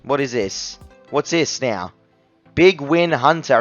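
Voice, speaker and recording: A man's voice: mid-range voice, expressive, slow, fairly bright tone, highs cut off, soft background music. A man reviewing a phone app in a voice-over, ranting angrily and scornfully about being ripped off. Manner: angry, exasperated, scornful ranting.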